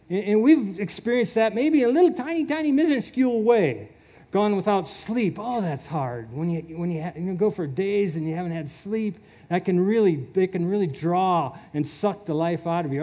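A man with a high, mellow voice preaches and reads scripture aloud. He talks in an animated way, laughing often as his reading builds in fervor.

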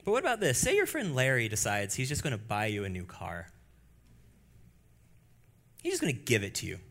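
A male pastor preaching a sermon to his congregation, moving between quiet, low passages and loud, high bursts. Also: brisk. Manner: animated preaching that swings from hushed to loud and high. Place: church.

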